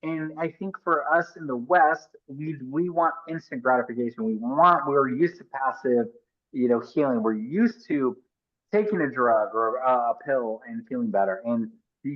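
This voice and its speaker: Middle-aged male podcast guest, earnest and emphatic, mid-pitched, dull lo-fi sound. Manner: earnest, emphatic, talks in rapid restarts and asides. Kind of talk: conversational interview storytelling.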